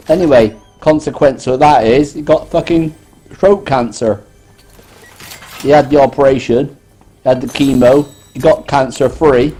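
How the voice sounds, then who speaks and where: British male guest, mellow tone, blunt storyteller. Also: medium pitch, slightly rough, poor audio. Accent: British English. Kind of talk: casual chat.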